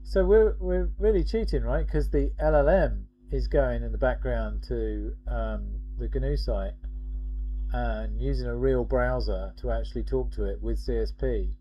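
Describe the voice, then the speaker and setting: A man, co-hosting a casual chat with quick, self-deprecating asides. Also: medium pitch, slight background noise. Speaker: co-host. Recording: dull lo-fi sound.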